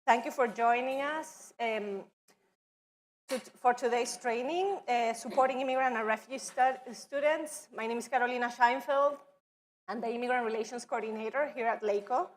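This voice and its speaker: A woman's voice: fairly high pitch, normal speed. Nervous woman with a foreign accent. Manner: nervous, hesitant, many fillers. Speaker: immigrant relations coordinator. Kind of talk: workshop welcome and presentation. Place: training room with audience at tables.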